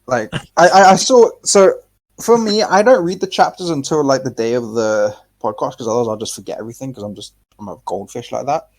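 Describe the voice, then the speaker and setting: A man co-hosting a laid-back podcast, talking in a loose, rambling way with lots of false starts and the odd swear word. His voice sits at an ordinary middle pitch and he gets animated as he goes. It's plain, unforced chat. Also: a little fast. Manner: rambling, animated, swears freely, frequent restarts. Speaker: podcast co-host. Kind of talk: casual chat.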